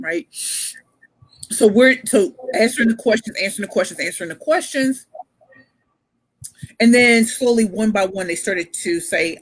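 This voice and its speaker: A woman pitch coach telling her story as a motivational speaker, emphatic and repeating phrases for effect. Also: normal speed, a bit bright, no echo, poor audio.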